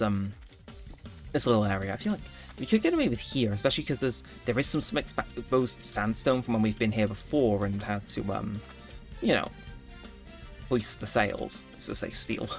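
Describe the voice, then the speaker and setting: A man giving rambling, self-correcting commentary while playing a game. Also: medium pitch. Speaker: gaming YouTuber. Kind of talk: casual gameplay commentary. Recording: faint background music.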